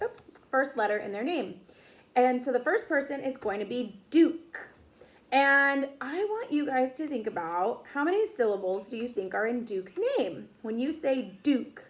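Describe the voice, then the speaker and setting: A woman teacher leading a phonics lesson for young children, encouraging them and sounding out letters with exaggerated, drawn-out sounds. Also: a little high.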